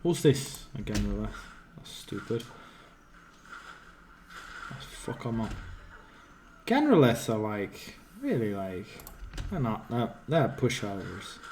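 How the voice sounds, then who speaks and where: A man's voice: on the low side, very animated, takes it slowly, long pauses, darkish tone, slight background noise. A man streaming a video game, thinking aloud and swearing freely in casual commentary.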